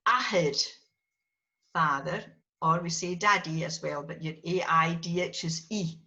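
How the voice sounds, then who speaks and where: A woman's voice: on the low side, unhurried, sharp tone. A woman teaching a language class, patiently calling on students by name and correcting their pronunciation. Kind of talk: classroom lesson with learners. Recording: dull lo-fi recording.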